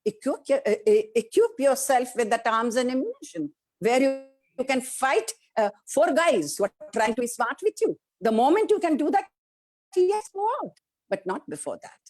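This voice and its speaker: A woman with an Indian English accent speaks as an interview guest in a fairly high voice that swoops up and down. She is emphatic and passionate, firing rhetorical questions. She slips into the voices of the people she quotes. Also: expressive, normal speed, darkish tone. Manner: acts out quoted voices of family and society. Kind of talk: conversational interview answer.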